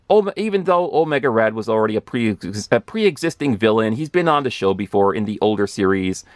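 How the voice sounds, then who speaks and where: A man in his thirties gushing through a casual episode recap, rambling and correcting himself as he gets excited. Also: mid-range voice, normal speed, faint music behind. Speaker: pop culture video host.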